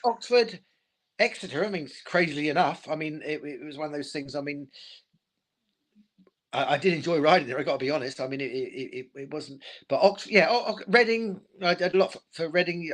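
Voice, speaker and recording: A man's voice: on the high side, fairly quick, fairly bright tone. A middle-aged man and former speedway rider in a casual live interview, talking emotionally and repeating his words.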